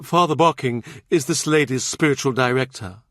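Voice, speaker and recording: A man's voice: mid-range voice, normal speed, a bit bright, no room sound, studio quality, voice pushed up, lightly acted. A man voicing a fervent young nun who speaks solemn prophecies of doom in an audiobook. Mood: calm.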